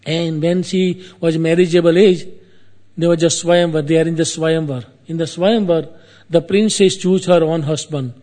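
A man retelling an epic tale in a casual storytelling style, his phrasing loose and halting, with repeats and asides to the listener. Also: fairly high pitch, fairly even intonation, dark tone.

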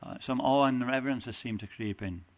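A man giving a devotional lecture, talking haltingly with frequent restarts and self-corrections. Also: medium pitch. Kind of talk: devotional lecture with scripture reading.

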